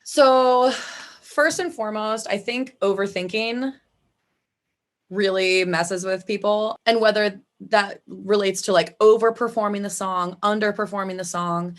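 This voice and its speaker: A woman's voice: medium pitch, steady tone, unhurried. A woman from the Chicago area with a Midwestern accent, chatting as a guest about singing, full of "like" fillers. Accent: Midwestern American. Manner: chatty, frequent "like" fillers, laughs easily. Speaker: vocalist guest. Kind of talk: casual interview chat.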